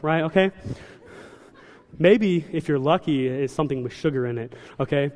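High-voiced young man preaching in a hall. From South Carolina. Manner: animated storytelling with quick asides. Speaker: church speaker. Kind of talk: sermon. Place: large church hall. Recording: long hall reverb.

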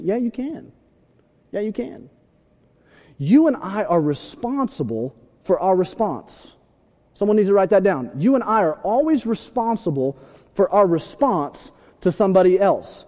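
A young man preaching a sermon, telling stories with animated shouts and asides. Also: high voice, moderate pace. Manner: animated storytelling, acts out scenes with shouts. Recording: long hall reverb.

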